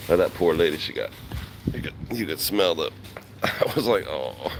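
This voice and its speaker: A man vlogging live outdoors in the early morning, rambling casually and greeting viewers, his voice rough from just waking up. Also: deep voice, moderate pace, noisy background. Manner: rambling, laid-back, greets chat viewers by name. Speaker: travel vlogger. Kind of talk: casual live-stream chat. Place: outdoors in a quiet beach town in the early morning. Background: faint outdoor ambience.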